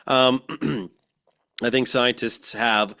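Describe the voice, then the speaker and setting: A man's voice: mid-range voice, steady tone, very slow, sharp tone. A man who is a guest in an interview, explaining in a casual, matter-of-fact way with examples. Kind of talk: conversational interview.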